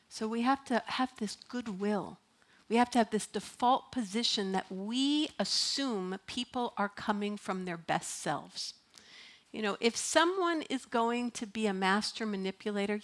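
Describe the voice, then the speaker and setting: A woman's voice: mid-range voice, a bit bright. A middle-aged woman minister giving a sermon in a church, talking in a chatty, playful way and laughing often. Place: church sanctuary.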